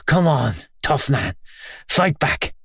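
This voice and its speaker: A man's voice: a little high, sing-song, slow pace, creaky, fairly bright tone, slightly rough, no echo, clean studio sound, voice pushed up, full character voice. A man voicing a violent, sneering middle-aged father who roars and taunts, slightly raised above his narrating voice. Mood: taunting.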